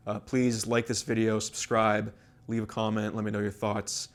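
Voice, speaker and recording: A man's voice: lowish voice, monotone, normal speed. A man walking through a guitar solo in a casual lesson, rambling with many fillers and restarts, a bit out of breath. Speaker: guitar teacher.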